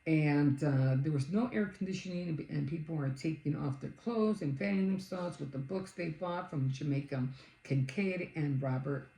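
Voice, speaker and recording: A woman's voice: low-pitched, moderate pace, gravelly, a little hiss or hum. A middle-aged woman vlogger telling a long story in a casual, rambling way, full of fillers and restarts. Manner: rambling, animated retelling with many fillers. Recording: roomy, echoey recording.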